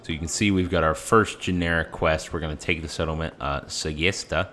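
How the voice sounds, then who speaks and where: A man's voice: very deep voice, fairly even intonation, quick pace, a bit bright, a little hiss or hum. A man casually commenting on his strategy game as he plays, chatty and explanatory, with frequent fillers. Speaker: gaming channel host.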